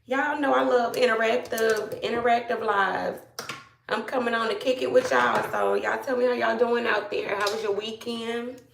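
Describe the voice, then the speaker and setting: A woman from Georgia, chatting casually to viewers on a live stream, greeting them by name and a little hoarse after being ill. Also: fairly high pitch, fairly even intonation, normal speed, roomy sound, far from the mic, background noise. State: slightly hoarse after illness. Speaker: livestream host.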